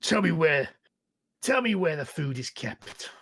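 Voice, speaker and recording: A man's voice: fairly high pitch, sing-song, measured pace, creaky, fairly bright tone, full character voice. Man doing a cold hobgoblin commander. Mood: cold mocking. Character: gruff scheming male hobgoblin commander.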